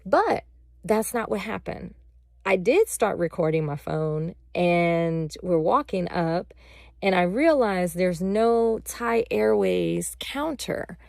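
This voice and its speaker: A woman vlogger telling a personal story in a casual, animated way, speaking straight to her viewers. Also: fairly low pitch, takes it slowly, gravelly, no room sound, clean studio sound. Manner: animated, addresses viewers directly.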